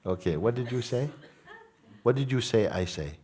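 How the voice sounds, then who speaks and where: A man giving a spiritual satsang talk to an audience, gentle and unhurried, repeating simple phrases and asking his listeners questions. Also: medium pitch, animated. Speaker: spiritual teacher.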